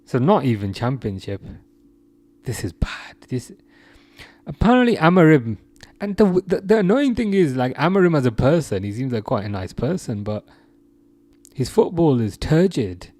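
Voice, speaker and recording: A young man from England chats casually on a live stream, reading viewer comments aloud and often breaking into laughter. His voice sits at an ordinary pitch and comes across dry and close, with no room sound around it. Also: sing-song, normal speed, dark tone, no echo. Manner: chatty, laughs often, many restarts and fillers.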